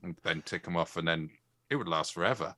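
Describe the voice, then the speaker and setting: A man's voice: deep voice, a little fast, pushed and bright, no room sound. A man co-hosting a podcast, in playful, rambling comic banter and laughing often. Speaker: podcast co-host. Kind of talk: casual comedic banter.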